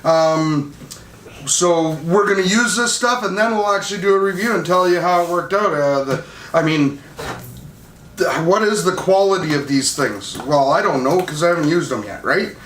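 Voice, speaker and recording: A man's voice: a little high, normal speed, fairly bright tone. A man chats casually as a hobby channel host, rambling with fillers and restarts. The room is roomy and echoing. Faint background noise sits under him. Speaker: channel host reviewing drone gear. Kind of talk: casual product chat.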